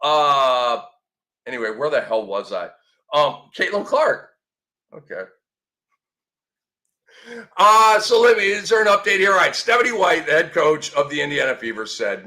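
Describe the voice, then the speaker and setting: A man in his fifties hosting a sports show, talking in a sarcastic, excitable way and breaking into mock shouts. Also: a little high, measured pace, long pauses. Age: 50s. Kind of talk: animated sports commentary.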